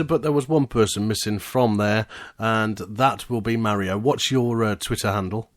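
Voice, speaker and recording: A man's voice: lowish voice, normal speed, loud music behind the voice. A man hosting a casual podcast, joking around and hyping up announcements like a showman. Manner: playful, hypes up announcements like a showman. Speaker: podcast host.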